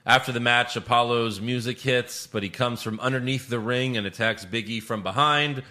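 Podcast co-host, male, bright edge, sarcastic and profane casual recap. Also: medium pitch, steady tone, normal speed. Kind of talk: casual wrestling recap chat.

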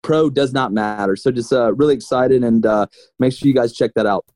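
Brief: male football coach from Alabama, no accent, energetic analyst, dry close recording. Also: medium pitch, a little fast, no room sound. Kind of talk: casual sports analysis.

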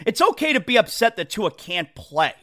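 A man hosting a sports talk show, ranting in an exasperated, animated way and mocking what others say. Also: high voice, normal speed. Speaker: sports radio host. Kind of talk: opinionated sports talk rant.

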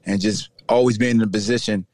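A former player from Virginia, middle-aged, hosts a casual sports podcast with a lowish voice and rapid delivery, without echo. His style is animated and slangy, packed with jokes and impressions of other people.

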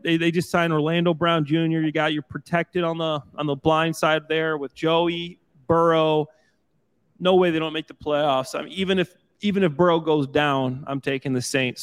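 Enthusiastic former player making picks. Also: male voice, on the high side. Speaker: former football player, panelist. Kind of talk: casual sports talk.

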